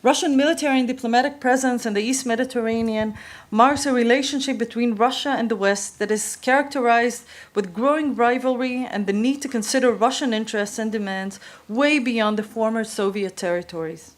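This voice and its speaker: A woman delivers a prepared conference talk in a measured way. Her voice sits a little high, and she reads from notes with the odd filler. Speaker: conference speaker. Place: conference hall.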